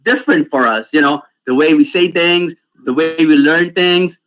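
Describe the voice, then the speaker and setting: A man from Pakistan, telling stories to children in an animated way over a video call and often asking "right?". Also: a little high, moderate pace, poor audio. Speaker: youth speaker. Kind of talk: storytelling talk for children.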